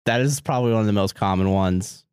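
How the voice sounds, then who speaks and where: A man's voice: lowish voice, quick pace, a little mellow, smooth, no echo, studio quality. A man co-hosting a casual podcast, joking around, swearing freely and laughing often. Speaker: podcast co-host. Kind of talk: casual profane chat.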